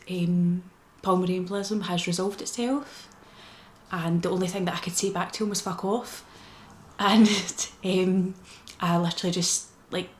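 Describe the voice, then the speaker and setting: A woman's voice: fairly low pitch, a little mellow, roomy sound. A woman with a Scottish accent giving a casual personal update to her vlog, telling her story in an earnest, emotional way. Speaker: vlogger.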